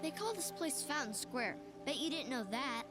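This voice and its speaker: A woman's voice: high-pitched, animated, normal speed, voice pushed up. A woman voicing an eager, boastful young boy acting as a tour guide over game music. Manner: boastful, show-off. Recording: game music playing behind.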